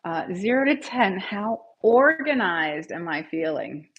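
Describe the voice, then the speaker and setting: Leading a live tapping session, a female coach cheers viewers on, reads out their scores, and guides affirmations for listeners to repeat. Her mid-range voice is very animated, unhurried and slightly rough, and the recording sounds muffled.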